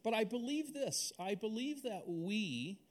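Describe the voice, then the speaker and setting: A middle-aged male pastor from Alaska preaching a sermon, telling a personal story in an animated, conversational way with many restarts. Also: high-pitched, a little slow, slight background noise.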